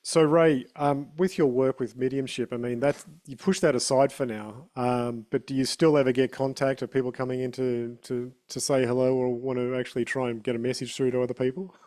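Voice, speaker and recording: A man hosting an interview, asking questions in a soft-spoken, affirming way. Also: medium pitch, level tone, brisk, few pauses. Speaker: podcast host.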